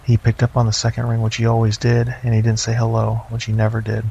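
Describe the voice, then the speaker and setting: A middle-aged man narrating a first-person horror story in a slow, measured, deadpan way. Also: mid-range voice, creaky. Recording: slightly dull lo-fi, faint noise.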